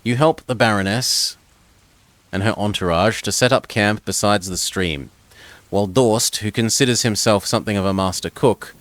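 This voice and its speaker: A man's voice: on the low side, normal speed, fairly bright tone, no echo. A man reading a gamebook aloud in second person, stumbling over words now and then and dropping casual asides. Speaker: gamebook reader.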